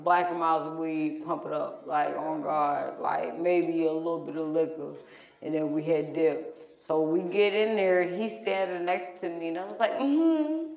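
A woman co-hosting a podcast, telling a story in casual chat, animated and profane, loudly acting out the lines she quotes. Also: sits low, normal speed, gravelly, roomy sound. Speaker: podcast co-host.

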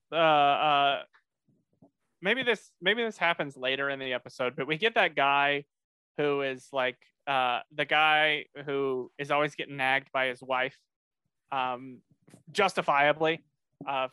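Podcast co-host, man, slightly high and sharp-toned, chatty, lots of ums and restarts. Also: fairly even intonation, measured pace, clear, resonant tone, dry recording. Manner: rambling, many fillers and restarts. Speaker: podcast co-host recapping episodes. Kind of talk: casual podcast chat.

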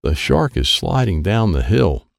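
Deep gravelly man reading a children's book. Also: sing-song, measured pace, dry recording, studio quality. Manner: simple first-person telling as a boy. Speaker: audiobook narrator. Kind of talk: children's storybook narration.

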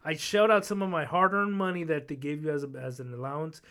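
A man's voice: on the high side, quick pace, a bit bright, clean tone. A man hosting a podcast, telling a casual story in a rambling way, full of fillers and restarts. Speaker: podcast host.

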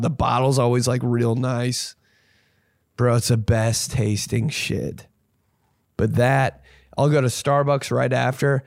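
Profane rambling comedian, dry sound. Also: male voice, mid-range voice, no room sound. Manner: profane, rambling, jumps into loud mocking voices. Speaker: comedian podcast host. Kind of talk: casual comedic rant.

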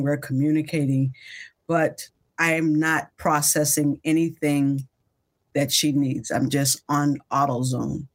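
Reflective mother speaking on a podcast. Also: low voice. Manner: reflective, measured recollection. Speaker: guest, mother. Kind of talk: podcast interview.

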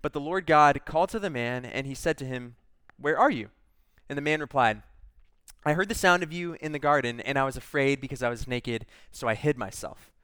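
Bright, crisp-voiced male preacher. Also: mid-range voice, a little fast, no echo. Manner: conversational, reads scripture aloud with asides. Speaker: pastor. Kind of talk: sermon.

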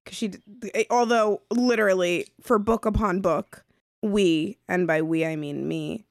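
A woman's voice: mid-range voice, a little slow, no room sound. A woman co-hosting a book podcast, talking casually and emphatically about how moved she was. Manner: emphatic, gushing. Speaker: podcast co-host.

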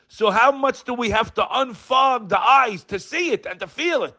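A man's voice: high voice, sing-song, normal speed, bright, forceful tone. An older man giving an impassioned sermon, emphatic and full of rhetorical questions. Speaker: religious teacher.

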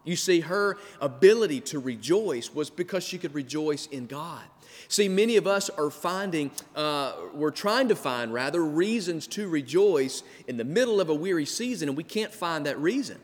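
Male pastor, slightly high voice, sermon delivery with repeated building phrases, long hall reverb. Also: expressive, a little slow. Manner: preaching with rising emphasis and repetition.

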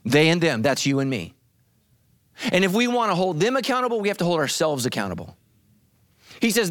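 Pastor guy preaching hard, high voice that jumps all over, super dramatic. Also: sing-song, brisk, pauses often, fairly bright tone. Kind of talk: sermon.

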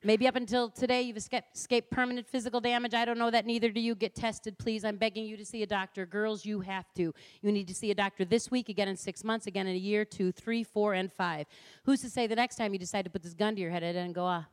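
A woman's voice: mid-range voice, steady tone, quick pace, smooth. A middle-aged woman giving a passionate public lecture, punchy and direct, acting out the people she quotes. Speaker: public speaker. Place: lecture hall.

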